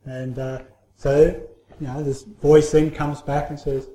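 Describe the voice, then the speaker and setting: A man giving a children's story in church, talking informally with many pauses and restarts. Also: mid-range voice, flat delivery, warm tone. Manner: halting, many fillers and restarts. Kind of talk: informal sermon. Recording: roomy hall echo.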